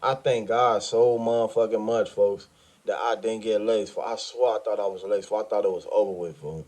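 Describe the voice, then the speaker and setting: A man telling a personal story in animated, profane, slang-heavy casual talk, tossing in "folks" and "G" constantly. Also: lowish voice, normal speed.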